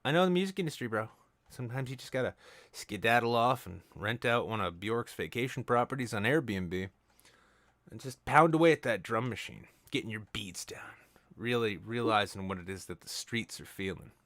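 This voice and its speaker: A male podcast host riffing absurd deadpan bits in easy casual chat. His pitch moves a lot as he jokes, and the sound is close and dry with no room. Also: normal speed, no room sound.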